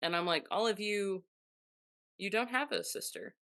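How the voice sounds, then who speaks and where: A bright-voiced woman hosts a podcast in easy, casual chat. She talks loosely, full of "like" and little acted-out quotes, at a middle pitch. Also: big pitch swings, moderate pace. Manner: chatty, full of "like" and quoted asides. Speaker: podcast host.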